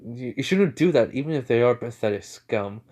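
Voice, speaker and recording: A man's voice: medium pitch, animated, a little fast, a little mellow, lightly acted. Stern teenage girl, read by a man. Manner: firm and scolding.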